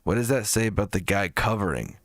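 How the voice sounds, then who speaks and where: A man's voice: on the low side, expressive, brisk, dry recording, studio quality. A man hosting a live music review stream, talking in a rambling, profane, jokey way. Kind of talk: casual livestream chat.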